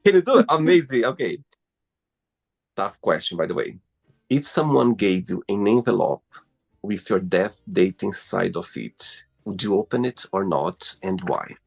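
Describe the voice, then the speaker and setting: A man's voice: fairly low pitch, sing-song, unhurried, vocal fry, breathy edge. A man hosting a casual interview, giving brief replies and playful questions. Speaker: host.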